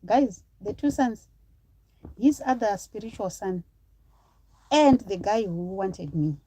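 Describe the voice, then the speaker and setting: A woman's voice: mid-range voice, lively intonation, slow, pauses often, dark tone, a little hiss or hum, poor audio. A woman from Zimbabwe in her thirties, chatting on a live stream, telling a personal story to viewers and breaking off to thank supporters.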